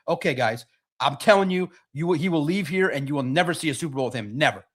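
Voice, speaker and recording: A man with a notably high voice hosts a sports podcast. He rants with heat and hammers each point, repeating words and mocking the other side. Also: lively intonation, quick pace. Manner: emphatic, repetitive, mocking. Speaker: podcast host. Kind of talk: heated sports podcast rant.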